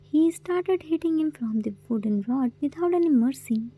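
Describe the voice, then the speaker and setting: A woman reading fan fiction aloud, narrating in an even, steady way. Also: sits high, normal speed, poor audio. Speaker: story reader.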